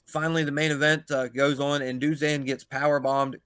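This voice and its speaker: A man telling a backstage story in casual chat, animated and swearing, acting out quotes in loud bursts. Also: a little high, a little fast, smooth, no echo. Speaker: pro wrestler, podcast guest.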